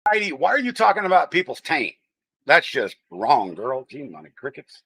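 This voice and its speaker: A man's voice: fairly high pitch, sing-song, moderate pace, creaky, a bit bright, breathy edge, dry recording. A man with a Texan-tinged accent hosting a casual livestream, chatting and teasing his viewers as he reads the chat. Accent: Texan-tinged American. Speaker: livestream host.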